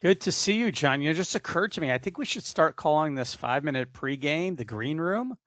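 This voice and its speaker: A man's voice: fairly high pitch, lively intonation, brisk, a bit bright, dry recording. A man co-presenting a webinar, jovial and playful, on a video call.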